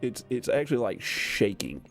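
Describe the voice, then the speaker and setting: A man's voice: mid-range voice, big pitch swings, moderate pace, fairly bright tone, faint music behind. A man hosting a casual gameplay livestream, rambling and self-mocking as he chats, tired and worn out. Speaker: gaming livestream host. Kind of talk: casual live gameplay chat.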